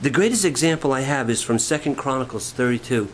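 A man preaching a sermon, shifting from quiet storytelling to rising, fervent preaching. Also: mid-range voice, animated, quick pace, a little hiss or hum, low-quality recording. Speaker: pastor.

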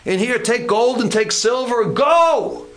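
A frantic, exasperated ancient ruler , put on by a man preaching, begs the people to leave at once. The voice sits high and climbs higher on each emphatic cry. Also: very animated, slow, fairly bright tone, full character voice. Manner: pleading, emphatic. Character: exasperated male ruler of Egypt, desperate.

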